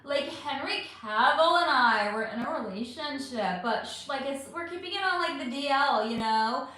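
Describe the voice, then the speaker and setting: A woman's voice: high voice, animated, moderate pace, sharp tone, recorded from a distance. A woman voicing an airy, self-deluded 1980s valley girl who drawls while chewing gum, in an echoey room. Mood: gushing.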